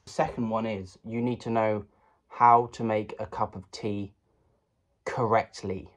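A young British man hosting a comedy tutorial vlog at home, rambling and self-mocking with deadpan asides. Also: lowish voice, unhurried. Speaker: comedy vlogger.

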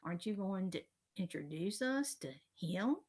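A woman's voice: mid-range voice, animated, normal speed, a little mellow, slightly rough. A woman reading aloud voices a tough, bossy schoolgirl who talks bluntly. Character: tough bossy girl, quick to punch.

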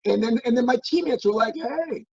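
A middle-aged man from Minnesota telling stories as an interview guest, animated and full of restarts and fillers. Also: very high voice, fast talker, vocal fry, slightly rough. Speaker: guest, former football player. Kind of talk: casual interview storytelling. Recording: dull lo-fi audio.

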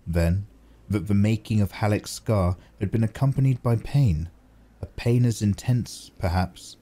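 A man narrating a novel in a steady audiobook reading. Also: lowish voice. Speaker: audiobook reader.

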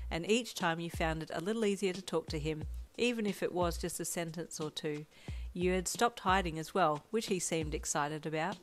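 A woman reading a fanfiction story aloud in second person, with a soft, quiet storytelling manner. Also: on the low side. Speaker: fanfiction reader.

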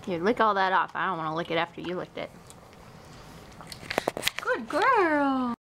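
A woman's voice: fairly low pitch, fairly even intonation, rapid-fire, gravelly, a bit bright, slight background noise, poor audio. A woman vlogging, talking playfully to her dog in a sing-song baby-talk voice.

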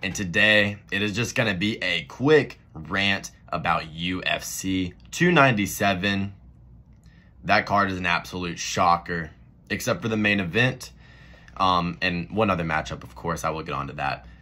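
A man with a low-pitched voice that still carries a bright, forceful edge. He rants bluntly and profanely in a casual vlog, jumping between annoyed griping and animated emphasis as he hosts his own channel. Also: normal speed. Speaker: MMA commentary vlogger. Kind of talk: casual rant to camera.

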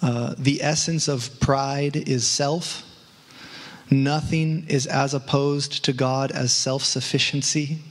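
A man in a church discussion reading short notes on faith in a measured way. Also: medium pitch, fairly even intonation. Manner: reads brief notes, measured. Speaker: church teacher. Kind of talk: sharing sermon notes in discussion.

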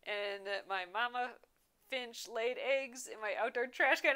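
Bright-voiced chatty woman livestreamer. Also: a little high, unhurried, creaky. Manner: chatty, reads viewer comments aloud, often laughs. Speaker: embroidery livestream host. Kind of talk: casual live chat reading comments.

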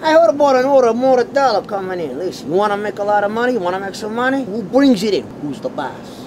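A man's voice: high-pitched, big pitch swings, fast talker, over music. An actor playing a brash, boastful wise guy, crude and constantly swearing, in a comedy sketch. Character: brash boastful Italian-American wise guy obsessed with mortadella. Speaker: comic actor.

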